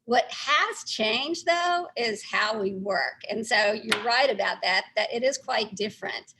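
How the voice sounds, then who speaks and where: A middle-aged woman from Texas with a Texan accent softened by New York, answering interview questions in a friendly way with many ums and uhs. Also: a little high, expressive, unhurried, background noise. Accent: Texan blended with New York. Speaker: newspaper publisher, guest.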